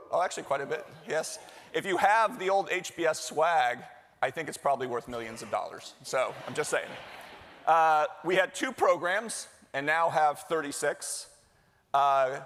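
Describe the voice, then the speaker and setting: A man's voice: fairly high pitch, a bit bright, slight background noise. A middle-aged man giving a chatty live conference welcome, joking and quizzing the audience. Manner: jokey, chatty, works the crowd with questions. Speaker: executive director giving opening remarks. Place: large hall with live audience. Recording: long hall reverb.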